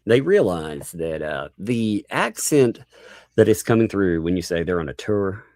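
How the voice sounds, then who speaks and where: A man's voice: sits low, a little slow, no room sound. A man with a Southern accent hosting a casual live stream, talking animatedly and laughing as he goes. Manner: animated, laughing, mocking voices in asides. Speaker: host.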